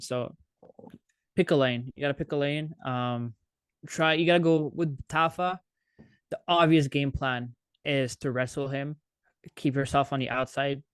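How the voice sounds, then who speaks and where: A man's voice: medium pitch, clean tone, dry recording. A man co-hosting a podcast in casual chat, joking and laughing as he talks. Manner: joking, laughs while talking. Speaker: podcast co-host.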